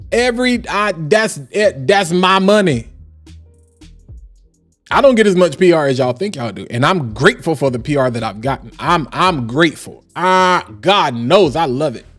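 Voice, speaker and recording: A man reviewing fragrances on a casual live stream, talking in an animated, emphatic and slangy way. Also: high-pitched, normal speed, soft background music.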